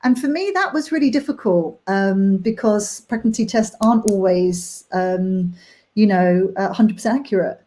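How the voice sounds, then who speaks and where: Earnest young woman, soft warm voice. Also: medium pitch. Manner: emotional, halting, many fillers. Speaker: nanny sharing her story. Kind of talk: candid personal chat.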